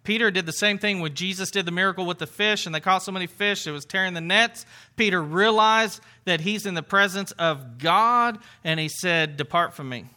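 Bright-voiced man preaching a sermon. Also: high-pitched, moderate pace, few pauses. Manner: conversational preaching, rhetorical questions, asides. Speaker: pastor.

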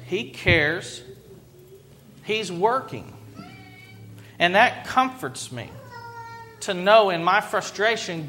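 A male pastor delivering a sermon in a slightly raised voice. He preaches earnestly and reflectively, letting his pauses carry each point. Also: on the high side, pushed and bright, a little hiss or hum.

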